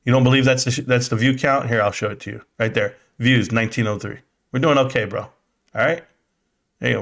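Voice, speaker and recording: A man's voice: mid-range voice, quick pace, fairly bright tone. A young man hosting a live stock stream, ranting in exasperation and swearing while reading the chat. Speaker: livestream host.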